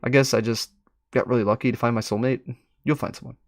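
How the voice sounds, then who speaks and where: A man's voice: medium pitch, steady tone, fast, no echo, studio quality. A man hosting a live read-through, commenting in an amused, chatty way. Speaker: web series explorer and host.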